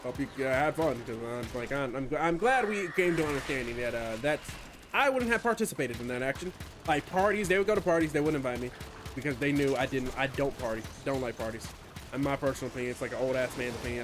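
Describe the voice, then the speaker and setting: A man's voice: mid-range voice, fast. A man streaming a video game, chatting in a rambling, profane, self-deprecating way while he plays. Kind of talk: casual gaming stream chat. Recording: steady background noise.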